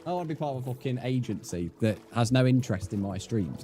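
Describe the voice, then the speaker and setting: A man's voice: medium pitch, expressive, fast, dark tone, soft background music. A man livestreaming a game, chatting bluntly and swearing as he reads out his chat. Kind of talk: casual live gaming stream chat.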